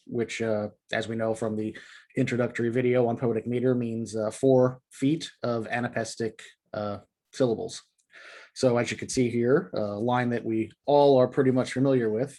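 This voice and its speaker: A man hosting a video lesson on poetic meter, explaining in a relaxed, casual way with many fillers. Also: mid-range voice. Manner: reads poem lines slowly and rhythmically. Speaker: poetry teacher and video host.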